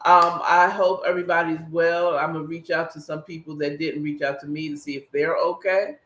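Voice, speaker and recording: A man's voice: a little high, steady tone, fairly quick, few pauses, sharp tone. A man hosting a podcast, rambling and emphatic as he talks straight to his viewers in a casual solo commentary. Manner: rambling, emphatic, speaks directly to the audience. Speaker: podcast host. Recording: echoey room.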